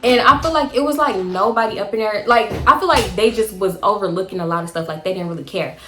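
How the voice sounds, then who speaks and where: A young woman in her twenties tells a story casually to a phone camera at home, full of slang and squealing up into quoted voices. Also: fast. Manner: animated, slangy, jumps into quoted voices with sudden high squeals. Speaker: storytime vlogger. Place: bedroom at home. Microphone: phone held close.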